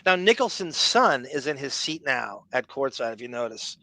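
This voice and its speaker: A male podcast host, chatting casually and rambling through stories, breaking into loud laughs. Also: medium pitch, normal speed, dry recording, rough recording. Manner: rambling, laughs loudly, animated storytelling. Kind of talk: casual chat.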